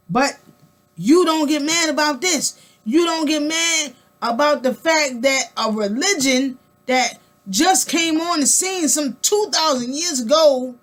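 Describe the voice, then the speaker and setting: A woman speaks in a high, unhurried voice, talking straight to her viewers in a casual monologue. She is emphatic and colloquial, repeating words for weight and asking the listener rhetorical questions. Her talk rambles with restarts as she builds her point. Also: animated, a bit bright. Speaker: vlogger.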